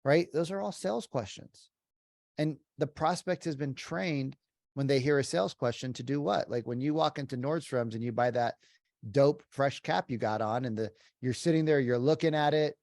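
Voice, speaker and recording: A man's voice: on the high side, moderate pace, a little mellow, no echo. Emphatic man in a dry-sounding room. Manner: emphatic, peppered with "like" and "right?". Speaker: podcast guest, sales trainer. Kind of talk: casual podcast talk.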